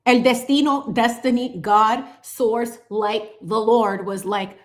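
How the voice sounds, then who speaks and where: A woman's voice: on the high side, slow pace, few pauses. A woman in her late thirties hosting a live painting stream, chatting casually and animatedly with viewers as she paints. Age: 30s. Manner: chatty, animated, greets chat viewers with squeals. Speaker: painting livestream host.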